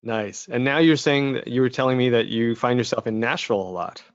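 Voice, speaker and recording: A man's voice: medium pitch, a little fast, dry recording, lo-fi sound. A man from Canada hosting an interview program, friendly and chatty, steering the talk with open questions. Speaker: podcast host.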